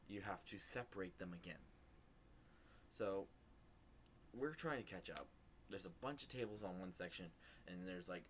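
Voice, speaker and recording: Young man, very low voice, casual rambling vlog storytelling, filler-heavy, faint hiss behind. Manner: rambling, animated retelling with many fillers. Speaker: vlogger.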